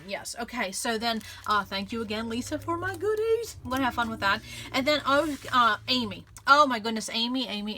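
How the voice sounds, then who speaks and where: A woman's voice: medium pitch, bright, forceful tone. A woman hosting a casual scrapbooking vlog, gushing and grateful, chatting with lots of fillers and restarts. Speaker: scrapbooking channel host. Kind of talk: casual crafting vlog chat.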